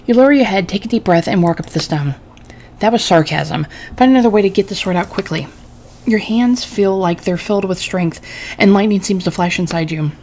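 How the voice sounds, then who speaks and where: A woman's voice: medium pitch, a little fast, a little mellow, slight background noise. A woman playing a story game, reading its text aloud and adding casual, wry comments of her own. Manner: casual, wry asides between read lines. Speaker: gaming channel host.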